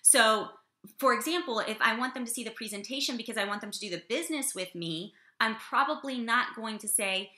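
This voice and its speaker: A woman giving an energetic business coaching talk to her team, often checking in with "okay?". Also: on the high side, a little fast. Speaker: business trainer. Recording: echoey room.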